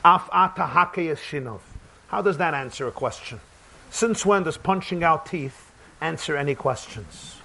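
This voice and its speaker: A rabbi, preaching emphatically in a repetitive cadence and mixing in Hebrew and terms. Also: male voice, a little high, a bit bright. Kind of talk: sermon with jokes.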